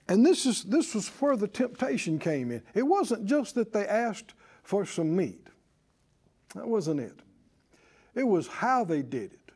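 A man preaching a sermon in a folksy, scolding way, slow and emphatic. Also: high-pitched, dark tone.

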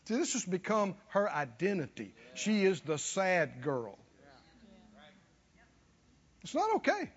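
A man's voice: high-pitched, wildly swooping pitch, measured pace, pauses often, breathy edge, big-room sound. A man preaching a sermon, folksy and chuckling, calling out to his listeners to respond. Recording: dull lo-fi recording.

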